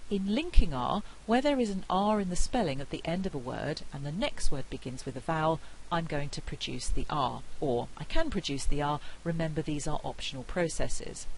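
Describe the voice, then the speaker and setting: A British woman with a non-rhotic accent giving a university phonetics lecture, saying example phrases slowly and clearly. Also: low-pitched, expressive, rough recording. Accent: non-rhotic British English. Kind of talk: academic lecture. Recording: faint hiss.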